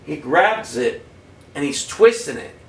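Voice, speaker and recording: A man, a former prisoner and podcast guest, telling stories casually, swearing often and loudly acting out the voices he quotes. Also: fairly high pitch, animated, unhurried, creaky. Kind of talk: casual storytelling. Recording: roomy, distant mic, faint ambience.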